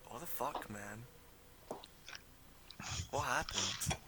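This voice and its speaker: A man's voice: mid-range voice, very slow, sharp tone. A man voicing a grumpy, injured young man who swears petulantly at the others. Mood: sulky.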